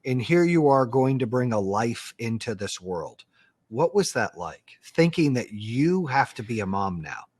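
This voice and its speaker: A man's voice: mid-range voice, big pitch swings, measured pace, a little mellow, breathy edge. A man hosting a podcast, joking along with the story and then asking earnest questions. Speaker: podcast host. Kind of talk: casual interview chat.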